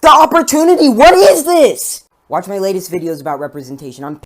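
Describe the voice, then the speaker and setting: A woman shouting a heated, impassioned rant. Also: mid-range voice, huge pitch swings, a little fast.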